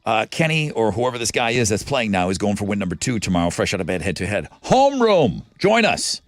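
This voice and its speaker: Animated man hosting morning radio. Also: fairly low pitch, fairly quick, no echo, studio quality. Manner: lively, jokey, rattles off promos. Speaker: radio morning show host. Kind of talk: casual radio chat. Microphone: studio microphone.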